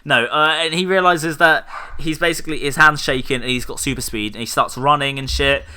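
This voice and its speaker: Bright, rambling male podcast host. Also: a little high, a little fast, clean tone. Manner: rambling, joking, lots of fillers. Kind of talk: casual chat.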